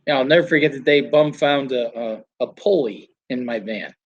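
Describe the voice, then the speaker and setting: Speaking briskly with a breathy edge, an older man who trains flooring workers swaps casual stories about the trade, acting out quoted voices and laughing. The sound is lo-fi, and his voice sits mid-range.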